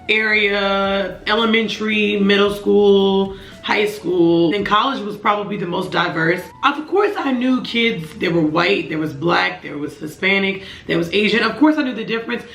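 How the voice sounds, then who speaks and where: A young woman in her twenties telling a personal story to camera, earnest and emotional, with halting restarts. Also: mid-range voice, creaky, fairly bright tone, echoey room. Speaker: vlogger.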